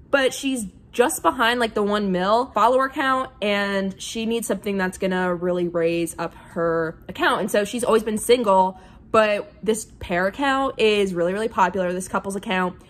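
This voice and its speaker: A woman casually reviewing books in a vlog, gushing and excitable, with lots of "like" fillers. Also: mid-range voice. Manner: gushing, excitable, heavy use of "like". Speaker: book reviewer.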